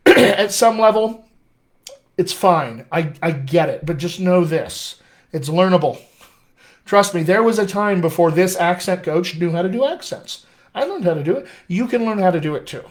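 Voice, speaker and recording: A man working as a dialect coach, answering viewer questions in a casual live session, upbeat and encouraging. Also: high voice. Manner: upbeat, encouraging, chatty with restarts. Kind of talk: live-streamed Q&A, casual teaching.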